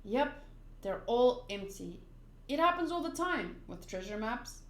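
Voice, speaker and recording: A woman's voice: fairly high pitch, big pitch swings, measured pace. A woman voicing a carefree young male pirate captain who talks bluntly and cheerfully. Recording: roomy echo.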